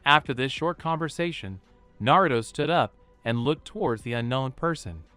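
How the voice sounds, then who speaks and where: A man narrating a fan fiction story in a steady storytelling manner, voicing every character himself. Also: medium pitch, normal speed, faint music behind.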